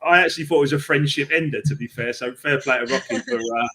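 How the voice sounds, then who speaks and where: A man hosting a live book club, telling an excitable, rambling anecdote with many restarts. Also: mid-range voice, quick pace, slight background noise. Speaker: book club host and author. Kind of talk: animated storytelling on a live stream.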